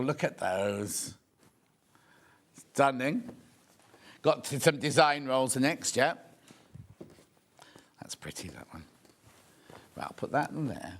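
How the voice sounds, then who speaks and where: A man's voice: medium pitch, a bit bright. A man in his sixties presenting a live shopping show, chatting and bantering with viewers while he shows products. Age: 60s.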